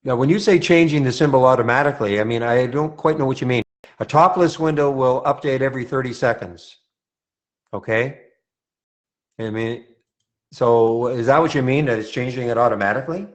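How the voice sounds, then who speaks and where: A man from Montreal, Canada, with a mid-range voice and a slightly fast delivery, moderates a live trading room. He answers viewer questions loosely and conversationally, often restarting his sentences.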